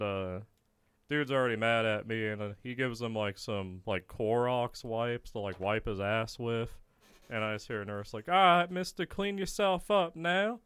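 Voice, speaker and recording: A man's voice: lowish voice, smooth, dry recording. Male podcast guest, correctional officer, crude laughing storyteller, clean resonant tone. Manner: profane, laughing often while telling a story. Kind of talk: casual storytelling.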